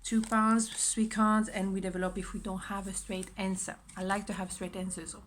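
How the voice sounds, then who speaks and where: A woman with a husky morning voice, chatting emphatically and expressively as she gives a casual tarot reading to camera. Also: medium pitch, level tone, moderate pace, a little hiss or hum. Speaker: tarot reader.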